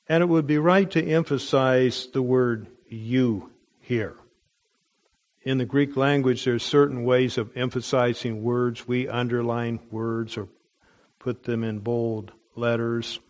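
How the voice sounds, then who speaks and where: A middle-aged man teaches through a Bible passage in a sermon, his pitch sitting in an ordinary middle register. He speaks slowly and carefully, often pausing and restarting his phrases as he explains. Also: fairly even intonation, a little mellow. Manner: deliberate, with frequent pauses and restarts.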